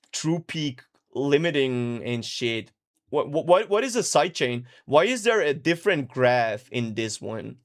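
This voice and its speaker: A man who works as a music producer and mix engineer, answering viewer questions in a casual, profane, laid-back way that turns animated when he tells stories. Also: a little high. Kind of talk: casual livestream Q&A.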